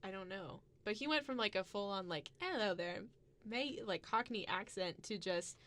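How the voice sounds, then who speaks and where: A woman's voice: mid-range voice, moderate pace, no echo. A woman co-hosting a podcast, chatting casually and telling an anecdote with frequent laughter. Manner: giggly, storytelling, animated. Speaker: podcast co-host. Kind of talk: casual chat.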